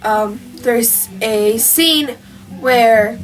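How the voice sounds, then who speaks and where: High-voiced young woman rambling on. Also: drawn-out words. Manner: rambling, with many fillers and restarts. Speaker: vlogger. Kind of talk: casual retelling of a play. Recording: distant mic with faint music.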